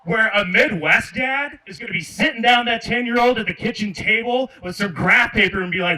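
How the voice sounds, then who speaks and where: A man's voice: sits high, brisk, few pauses, bright, forceful tone. A man from Michigan doing a stand-up comedy set on an outdoor park stage, talking sarcastically and ribbing the crowd. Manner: sarcastic, addresses the crowd directly. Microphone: handheld stage mic. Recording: distant mic with faint noise.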